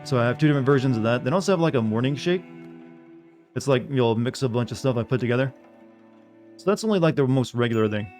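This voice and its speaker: A man's voice: mid-range voice, lively intonation, fast, darkish tone. Young man, game streamer, casual chat, filler words, faint background music. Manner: rambling, full of filler words, reading chat aloud. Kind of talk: casual gameplay chat with viewers.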